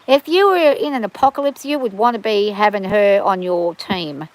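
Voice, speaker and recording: A woman's voice: mid-range voice, moderate pace, rough recording. A woman hosting a livestream from her farm, chatting casually and rambling with frequent restarts and fillers. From Australia.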